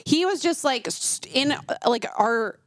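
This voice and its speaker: Woman, co-host, casual chat, high voice, dry sound, laughs a lot. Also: a little slow, no echo. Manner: animated storyteller, laughs a lot. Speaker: podcast co-host.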